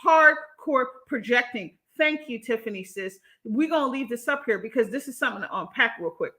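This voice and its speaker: A young woman with a lilt, speaking in a high, bright and ringing voice. She runs a live-stream commentary, reacting to chat messages with sass and plenty of laughter. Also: normal speed. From Jamaica. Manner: sassy, animated, laughing between points. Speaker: YouTuber reading live chat.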